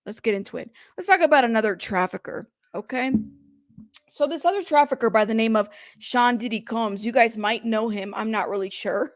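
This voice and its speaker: A woman hosting a casual live stream, chatty and playful, reading viewer comments aloud and giving shout-outs. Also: a little high, a little fast, no room sound, clean studio sound. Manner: playful, teasing. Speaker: livestream host.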